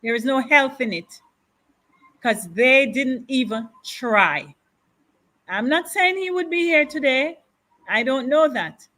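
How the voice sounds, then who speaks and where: A grieving woman gives interview testimony, slowly and deliberately, with heavy repetition. Her voice is bright and tense, and she takes her time over every phrase. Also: high voice, expressive. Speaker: widow of a councillor, guest.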